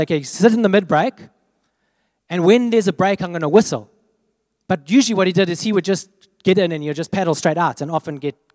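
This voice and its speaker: Man preaching through an animated story. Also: sits high, no echo, studio quality, in a large hall. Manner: animated storytelling, acts out quoted voices. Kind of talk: storytelling sermon.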